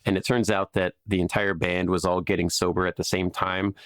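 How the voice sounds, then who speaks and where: A man's voice: sits low, little pitch movement, brisk, fairly bright tone, no echo, studio quality. A man hosting a podcast, chatting casually in a rambling way full of filler words, recording in a small closet. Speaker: podcast host.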